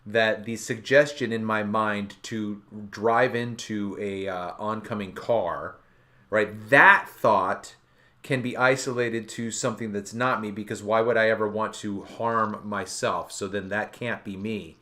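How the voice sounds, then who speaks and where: A man's voice: lowish voice, steady tone, a little slow, bright, forceful tone. A man hosting a casual online talk show, rambling and thinking aloud with many restarts. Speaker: podcast host. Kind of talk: casual chat.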